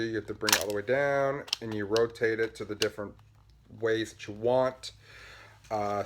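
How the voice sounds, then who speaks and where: A man's voice: mid-range voice, fairly bright tone, slight background noise. A man hosting a casual podcast, chatting in a rambling, upbeat way with lots of fillers, buzzing on caffeine. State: buzzing on caffeine, talking fast. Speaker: podcast host. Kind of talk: casual show-and-tell chat.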